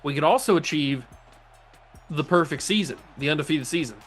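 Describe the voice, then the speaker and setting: A man's voice: fairly high pitch, a little fast, slightly rough, soft background music. Cocky young man calling his own plays. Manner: playful, cocky, bursts into excited play-by-play calls. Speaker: gaming YouTuber, host. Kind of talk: casual gameplay commentary.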